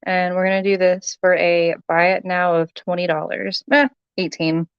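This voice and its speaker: Woman, livestream jewelry seller, chatty with frequent ums, smooth lowish voice, dry slightly dull recording. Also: flat delivery, moderate pace, dry recording. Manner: chatty, many ums, thanks viewers by name. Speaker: live-sale jewelry seller. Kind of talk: casual livestream selling.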